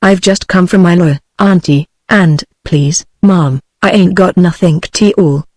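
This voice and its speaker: A woman's voice: on the low side, measured pace, a little mellow, no echo. A synthetic woman's voice with a British accent, reading the lines of a witty, theatrical young society woman in a text-to-speech audiobook. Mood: bantering. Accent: British English.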